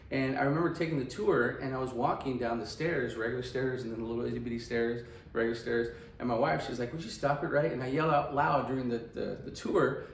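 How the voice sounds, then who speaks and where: A man's voice: medium pitch, reverberant, far from the mic, slight background noise, poor audio. Chatty male radiography teacher. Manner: chatty, asks "right?" often. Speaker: radiography instructor. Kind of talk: casual classroom lecture.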